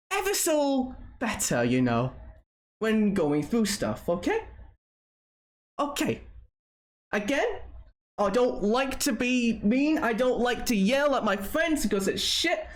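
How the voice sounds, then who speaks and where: A young man streaming a game, chatting casually, laughing often and ranting in loud bursts. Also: extremely high pitch. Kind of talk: casual live-stream chat. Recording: faint background noise.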